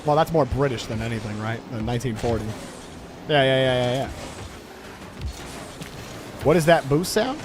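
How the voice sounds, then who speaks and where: A man casting a live-streamed esports match, joking and chatting with viewers in an excitable way. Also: mid-range voice, normal speed, long pauses, soft background music. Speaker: game commentator and streamer.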